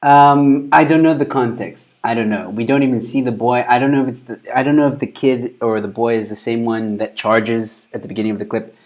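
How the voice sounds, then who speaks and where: A man's voice: mid-range voice, steady tone, a little fast, hardly any pauses. A man hosting a casual news commentary show, rambling loosely and breaking into laughter often. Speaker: show host.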